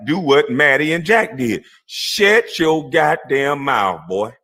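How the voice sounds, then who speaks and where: A man delivers a heated livestream rant. His voice sits a bit high and swings widely in pitch. The tone is bright and forceful, and he is profane and mocking throughout. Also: lively intonation, slow. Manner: laughs scornfully between lines.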